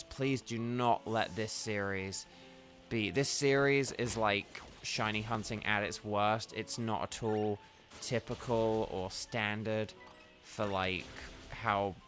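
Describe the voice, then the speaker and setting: A man's voice: fairly low pitch, a bit bright. A tired man rambling chattily to his viewers as he livestreams a game, talking straight to them. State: tired, yawning. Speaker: gaming livestreamer. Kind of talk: casual livestream commentary while playing.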